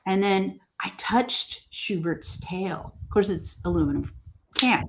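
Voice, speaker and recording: A woman mosaic artist being interviewed, telling stories gently and acting out what people say. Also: medium pitch, vocal fry. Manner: slow, gentle storytelling with lively quoted voices. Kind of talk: casual interview conversation.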